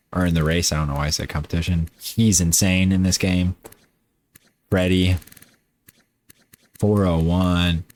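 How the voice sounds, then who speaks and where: A man casually talking through his baseball video game season, rambling and correcting himself as he goes. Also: sits low. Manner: rambling, self-correcting, offhand. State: tired. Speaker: gaming YouTuber.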